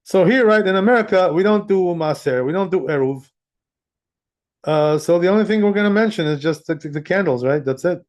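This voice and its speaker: Man, rabbi, casual law class, chatty, slightly high voice. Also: lively intonation, a little fast, darkish tone. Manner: conversational, sprinkles in "right?" and "you know", chuckles often. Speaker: rabbi teaching Jewish law.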